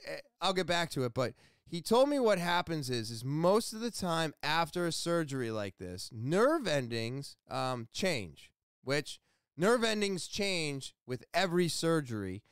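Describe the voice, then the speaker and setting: A podcast host, a man, telling a story in a casual monologue, excitable and loud, rambling with restarts and asides. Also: fairly high pitch, smooth, dry recording, clean studio sound. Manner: excitable, loud, almost yelling.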